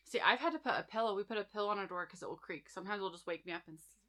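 A woman's voice: medium pitch, rapid-fire, pushed and bright. A woman in her thirties chatting casually with friends, telling personal stories full of fillers and "like". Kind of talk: casual storytelling chat.

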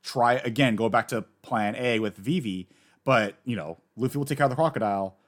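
A man co-hosting a podcast, chatting casually and jokily as he recaps an anime. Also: mid-range voice. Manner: animated, jokey, quick to laugh. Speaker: podcast co-host.

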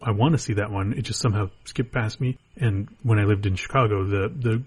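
A man hosting a podcast, chatting casually about movies with relaxed, stammering restarts. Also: lowish voice, fairly quick, breathy edge. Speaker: podcast host. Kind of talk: casual chat.

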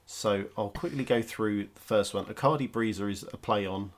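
Co-host, male, from the United Kingdom, low voice, brisk explainer. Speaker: podcast co-host. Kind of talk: casual podcast chat.

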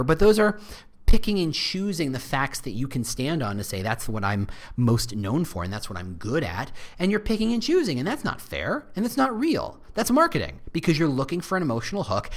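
A man talks through his ideas in a casual, animated way, his pitch jumping up and down as he makes each point. He sounds like a podcast host thinking out loud, mid-range in pitch, with quick asides. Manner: animated, conversational marketing explainer. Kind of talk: casual explanatory chat.

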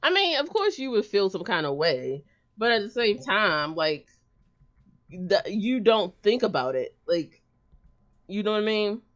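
A woman co-hosting a podcast, chatting casually about a TV episode in a relaxed, laid-back way. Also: mid-range voice, measured pace. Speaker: podcast co-host. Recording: dull lo-fi audio.

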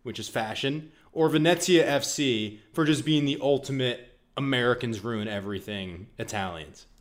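A man's voice: medium pitch, moderate pace. A man co-hosting a casual football podcast, delivering dry, sarcastic, mock-serious takes. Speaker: podcast co-host.

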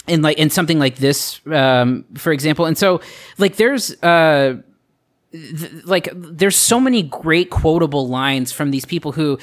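A man's voice: on the high side, measured pace. A man co-hosting a podcast in casual chat, rambling and hesitant, circling his points before landing them. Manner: rambling, hesitant, many fillers and restarts, laughing along.

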